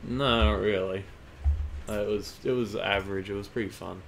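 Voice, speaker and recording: A man's voice: fairly low pitch, fairly even intonation, moderate pace, creaky, a bit bright, slight background noise. A young man giving brief, laid-back answers in a casual chat. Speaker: guest.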